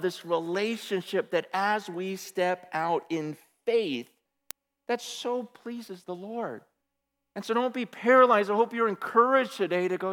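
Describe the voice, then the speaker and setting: Animated male preacher in a reverberant hall. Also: high-pitched. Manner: animated storytelling, acts out quotes, swings from loud to hushed. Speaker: pastor. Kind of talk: sermon.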